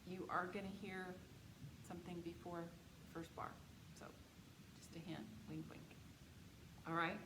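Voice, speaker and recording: A woman's voice: on the low side, little pitch movement, moderate pace. A woman teaching a music theory lecture, patiently explaining dictation exercises and counting beats aloud. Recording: echoey room with background noise.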